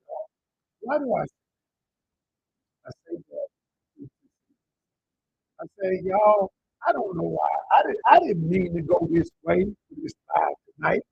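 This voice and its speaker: A man's voice: high voice, vocal fry, breathy edge, lo-fi sound. A relationship coach, a man, telling a personal story on a live stream and talking straight to his viewers in an emotional way, into a handheld mic. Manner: emotional, addresses viewers directly as y'all. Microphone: handheld microphone.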